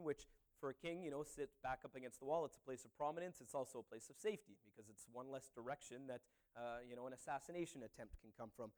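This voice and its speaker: A man's voice: medium pitch, darkish tone. A man preaching a sermon as a pastor, talking in a conversational way with many "you know"s and "uh"s.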